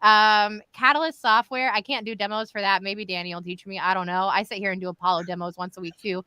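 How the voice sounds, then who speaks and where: A woman's voice: mid-range voice, steady tone, fast talker, pushed and bright, clean tone, dry recording. A woman hosting a live stream in casual, chatty talk, addressing viewers directly. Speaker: live show host. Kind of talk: casual livestream chat.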